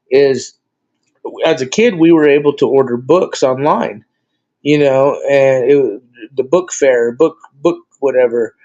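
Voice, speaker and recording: A man rambles through a casual online chat, with plenty of fillers and some blunt swearing. His voice is mid-pitched and comes through a dull, lo-fi line. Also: a little mellow. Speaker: host. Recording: dull lo-fi sound.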